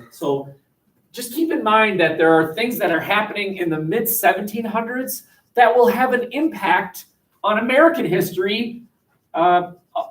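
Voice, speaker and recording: Animated man teaching a history class. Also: high-pitched, recorded from a distance, poor audio. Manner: animated, jokey, with many restarts and fillers. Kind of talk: classroom lecture.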